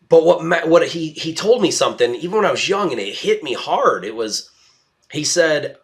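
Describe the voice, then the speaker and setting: A young man with a fairly high voice gives a loose, casual podcast monologue at home. He rambles and stresses his points, often stopping and restarting his sentences. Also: big pitch swings, normal speed, creaky. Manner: rambling and emphatic, with frequent restarts. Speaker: podcast host.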